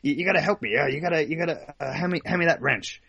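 A man's voice: a little high, fast, gravelly, a bit bright, breathy edge, no room sound, highs cut off, pitched above the performer's own voice, full character voice. A man imitates a frantic, exasperated old cartoon scientist, his voice pushed well above his own and strained. He stammers and repeats himself in a hurry. The sound is close and dry.

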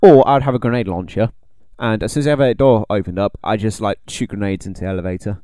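Fast-talking man, blunt jokes. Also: fairly low pitch, dark tone, dry recording, studio quality. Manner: quick, blunt and jokey. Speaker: podcast co-host. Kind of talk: casual joking chat.

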